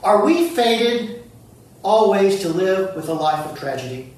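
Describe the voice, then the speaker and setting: Slow, animated preacher in an echoey sanctuary. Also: mid-range voice. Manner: slow, deliberate preaching with repeated phrases. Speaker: pastor. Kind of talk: sermon. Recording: very echoey room, from far off.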